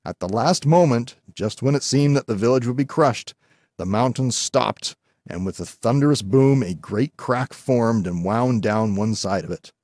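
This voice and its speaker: A man reading a folk tale aloud as scripted narration, calm and measured. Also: mid-range voice, dry recording, studio quality. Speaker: storyteller.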